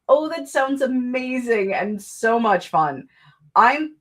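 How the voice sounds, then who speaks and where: Woman streamer, slightly low voice, casual rambling chat, self-mocking. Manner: chatty, rambling, self-deprecating. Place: home desk.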